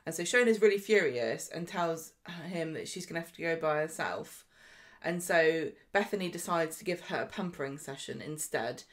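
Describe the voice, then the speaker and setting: Chatty woman with a lowish voice. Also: animated, moderate pace. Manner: chatty, mimics characters in voices while retelling. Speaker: podcast co-host. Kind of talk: casual chat recapping a soap.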